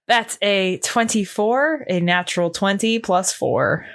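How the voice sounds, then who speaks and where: A woman's voice: mid-range voice, slow. A woman playing a tabletop game, joking around and pushing the group to keep moving. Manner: lively, joking, impatient. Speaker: player. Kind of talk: casual tabletop play.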